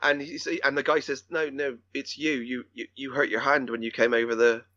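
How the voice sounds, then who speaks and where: A man's voice: mid-range voice, fairly even intonation, a little fast, pushed and bright, no room sound, dull audio. A man co-hosting a film podcast, retelling scenes in a rambling way with many restarts and acted-out quotes. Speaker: podcast co-host. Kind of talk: casual film discussion.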